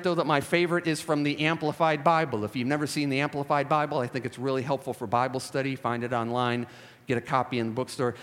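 A man preaching a sermon as pastor, emphatic and repetitive, swinging between loud urgent passages and quiet reflective ones. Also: medium pitch. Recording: long reverb of a large hall.

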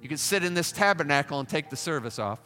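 A man's voice: a little high, expressive, fast, sharp tone, big-room sound, soft background music. A man preaching a revival sermon at a camp meeting, fervent and pleading, repeating his appeals. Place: large tabernacle.

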